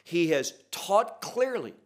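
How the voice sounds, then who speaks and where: Male pastor, measured unhurried delivery, somewhat high voice, earnest rhetorical questions. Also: big pitch swings. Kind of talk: expository Bible teaching.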